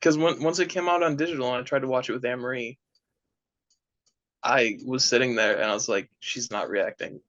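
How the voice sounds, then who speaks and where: A man's voice: mid-range voice, steady tone, a little fast, long pauses, fairly bright tone, no echo. Easygoing young man, dry dull mic. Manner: thoughtful, hesitant restarts, easygoing. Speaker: podcast co-host. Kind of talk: casual chat. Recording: dry, slightly dull sound.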